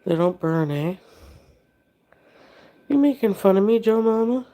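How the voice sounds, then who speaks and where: A woman's voice: medium pitch, lively intonation, unhurried, dark tone. A woman with a sick voice chatting on a livestream, rambling between reading out chat comments and talking to her pet.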